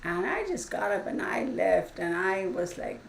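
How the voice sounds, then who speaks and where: A woman's voice: medium pitch, sing-song, a little slow, creaky, distant mic. A woman hosting a casual livestream, telling stories in a chatty way, laughing often and saying y'all. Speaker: channel host. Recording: echoey room from off-mic, faint hiss.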